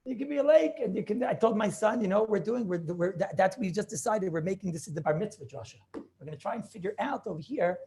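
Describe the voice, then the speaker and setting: A rabbi in his forties teaches an informal class over a video call, hammering points home through repetition and rhetorical questions. His voice is high and mellow, and he talks fast and animatedly.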